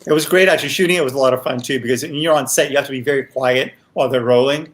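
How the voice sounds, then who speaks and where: A man's voice: mid-range voice, racing, fairly bright tone. Male show creator, casual guest chat, rambling with frequent restarts.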